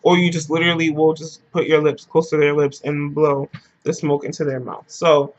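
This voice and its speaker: A man's voice: fairly high pitch, little pitch movement, normal speed, dull audio. A man telling a story in a casual vlog, loose and slangy, rambling as he goes.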